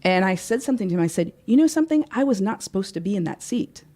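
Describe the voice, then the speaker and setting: A woman's voice: medium pitch, fast talker. A woman guest, a life coach, telling a personal story in a studio interview and acting out the dialogue. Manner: animated storyteller, acts out dialogue. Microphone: studio microphone.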